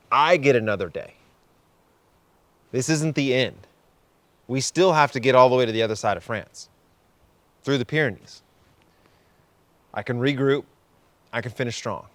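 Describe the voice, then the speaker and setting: A man cyclist talking candidly in a vlog, emotional and halting, with frequent restarts. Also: medium pitch, no echo.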